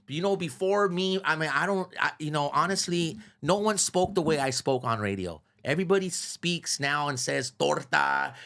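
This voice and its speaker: Gravelly-voiced man telling profane stories. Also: on the high side, fairly bright tone. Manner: profane and emphatic, with heavy repetition. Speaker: radio personality as guest. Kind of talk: casual storytelling interview.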